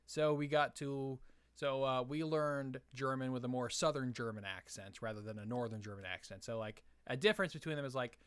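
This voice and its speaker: A young man talks through chat questions on his live stream in a casual, halting way, full of fillers and restarts. His voice is smooth and clear, at an everyday pitch for a man. The sound is close and dry, with no room around it. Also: a bit bright, dry recording. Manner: hesitant, many fillers and restarts.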